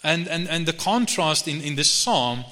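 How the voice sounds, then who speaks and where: A male pastor preaching a sermon in a conversational way, with frequent restarts, and reading scripture slowly. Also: on the high side, expressive, pushed and bright. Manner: slow measured reading of scripture. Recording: reverberant hall.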